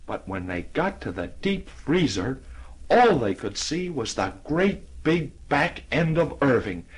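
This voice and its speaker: A man narrating a children's storybook in an animated, expressive reading. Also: mid-range voice, a little slow, husky, rough recording. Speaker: audiobook narrator.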